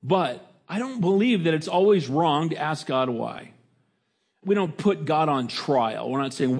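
A middle-aged man preaching a sermon in a conversational way, rising to emphatic lines and dropping to quiet reflection. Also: a little high, expressive, measured pace. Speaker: pastor.

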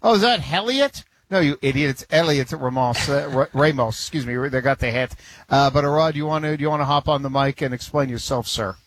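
A man's voice: medium pitch, fairly even intonation, fairly quick. A man co-hosting sports talk, chatty and joking. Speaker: sports radio co-host.

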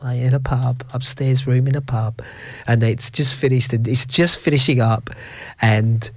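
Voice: mid-range voice, fairly even intonation, normal speed, a little mellow, no echo. A radio host in casual chat, rambling and giggling through stories.

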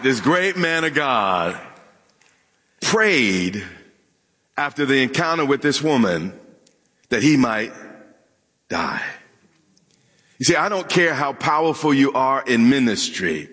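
A man's voice: mid-range voice, very animated, slow, pauses often, pushed and bright. A man preaching a sermon to a congregation, joking and throwing questions at the room. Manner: preaching with humor and call-and-response questions to the congregation. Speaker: pastor. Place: church sanctuary with a congregation. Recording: long hall reverb.

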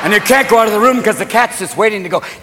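A man doing stand-up comedy, loud and rowdy with frequent shouting. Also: sits high, racing. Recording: live crowd with background noise.

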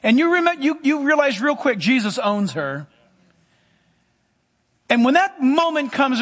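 Male pastor, very high pitched, emphatic sermon storytelling, long hall echo. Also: fairly bright tone.

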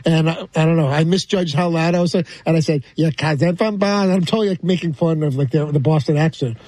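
Fast-talking New York man. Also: on the high side, a little mellow, dry recording. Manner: rambling, halting, self-deprecating storytelling. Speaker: podcast regular telling a story. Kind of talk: rambling anecdote.

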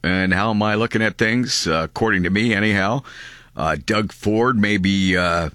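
A man with a very low voice talks on air with a close, dry studio sound. He rambles through his commentary in a loose way, full of fillers. He sounds like a Canadian radio host. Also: a bit bright, no room sound. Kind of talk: casual talk radio commentary.

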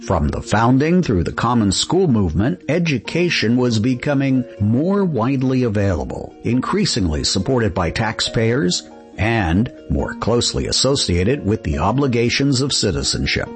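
A man hosting a radio show, asking calm, curious questions and reading scripted narration. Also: medium pitch, moderate pace, soft background music.

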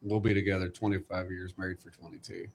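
A man's voice: sits low, flat delivery, fast, creaky, a little hiss or hum. A man hosting a casual chat, reflecting earnestly on faith and family. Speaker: host.

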